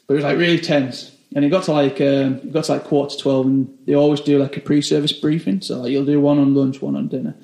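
A young British chef telling stories in a casual interview, rambling and filling every phrase with "like". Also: male voice, a little high, level tone, fast, gravelly, hardly any pauses, dark tone, reverberant. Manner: rambling, says 'like' constantly.

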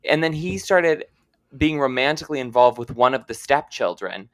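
A co-host in a casual pop culture chat, laying out stories step by step in a measured way. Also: medium pitch, animated, no echo, clean studio sound. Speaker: podcast co-host.

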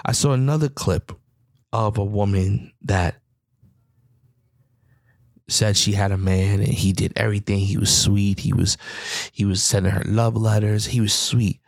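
A man's voice: lowish voice, steady tone, normal speed, gravelly, no room sound, studio quality. A man talking alone on his podcast in a heated, rambling opinion monologue, repeating himself as he makes his points. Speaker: podcast host.

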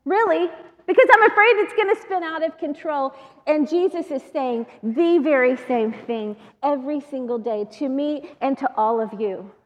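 A woman giving a sermon to women, telling a personal story in an animated way and laughing often. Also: high voice, moderate pace. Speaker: women's ministry speaker. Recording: long reverb of a large hall.

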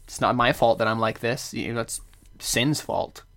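A man's voice: mid-range voice, moderate pace, vocal fry. A young man co-hosting a podcast, chatting casually and explaining faith topics thoughtfully, with easy laughs. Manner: thoughtful, explains scripture calmly, laughs easily. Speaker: podcast co-host. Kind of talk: casual chat.

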